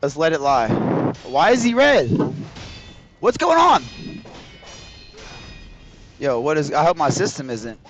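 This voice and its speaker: A man's voice: on the high side, wildly swooping pitch, slow, pauses often, muffled recording, noisy background. A man streaming a video game, chatting casually with his viewers in a rambling, profane way. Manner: rambling, profane, talks straight to chat. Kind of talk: casual livestream chat with viewers.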